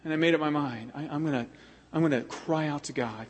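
Husky-voiced impassioned male pastor. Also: medium pitch, fast. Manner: impassioned, swings between loud exhortation and hushed prayer. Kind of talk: sermon. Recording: long hall reverb.

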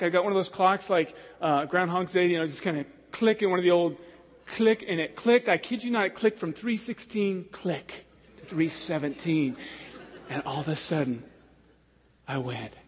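A man preaching, telling personal stories in an animated way and acting out the voices of the people in them. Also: high-pitched, brisk. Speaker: pastor. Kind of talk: sermon storytelling. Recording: long hall reverb.

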